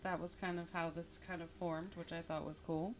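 A woman's voice: fairly low pitch, little pitch movement, moderate pace, a little hiss or hum. A woman co-hosting a casual music podcast, chatting in an upbeat way with lots of fillers. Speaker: podcast co-host.

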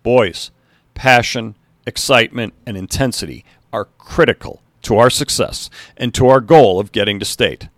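A man voicing a passionate high school basketball coach giving an earnest, rousing pep talk to his team. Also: moderate pace, a bit bright, no echo, studio quality, close to an everyday voice.

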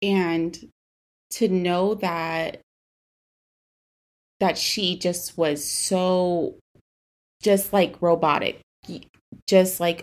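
A woman's voice: fairly low pitch, fairly even intonation, very slow, pauses often. A woman in her twenties hosting a podcast, recounting a painful personal story candidly and emotionally, with many casual fillers. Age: 20s. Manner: candid, emotional, frequent "like" and "you know" fillers. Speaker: podcast host.

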